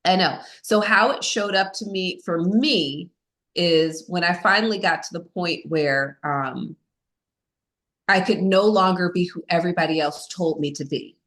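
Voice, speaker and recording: Candid woman with a lowish voice. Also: measured pace, a bit bright. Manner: candid, self-mocking, with many "you know" fillers. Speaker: guest. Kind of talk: personal storytelling in a podcast interview.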